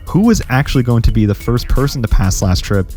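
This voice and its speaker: A man narrating a scripted gaming history video in a steady, explanatory way. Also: medium pitch, fairly quick, faint music behind.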